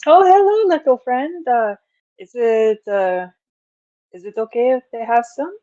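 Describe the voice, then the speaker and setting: A woman's voice: fairly high pitch, expressive, a little slow, warm tone, no room sound, muffled recording, pitched above the performer's own voice. A woman playing a big, homesick female adventurer who is polite and a little bumbling, in a tabletop game. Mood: delighted. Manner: polite, bumbling, slips between voices.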